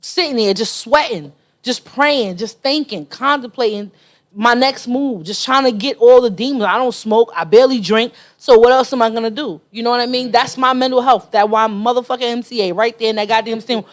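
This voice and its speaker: A woman's voice: a little high, brisk. A woman in her late thirties talking bluntly and emphatically, swearing freely in a casual podcast chat. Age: 30s.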